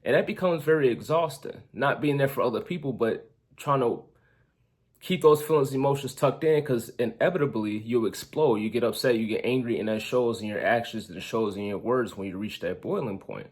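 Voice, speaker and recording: Guy coaching on relationships, talking to the camera, earnest, checks his notes, normal pitch. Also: fairly quick, a little mellow, slightly rough. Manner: earnest, reads from notes, repeats points with quoted examples. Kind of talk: casual talk to camera.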